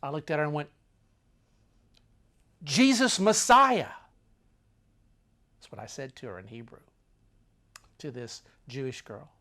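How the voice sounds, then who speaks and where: An older man telling a travel story with dramatic, animated delivery that swings between loud and hushed. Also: mid-range voice, a little fast.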